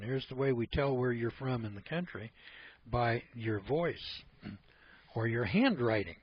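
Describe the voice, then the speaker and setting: A man hosting a radio talk show, with a husky, slightly rough voice at an ordinary middle pitch. He talks in a blunt, folksy, rambling way. The recording is dull and lo-fi, like an old radio broadcast. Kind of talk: casual radio commentary.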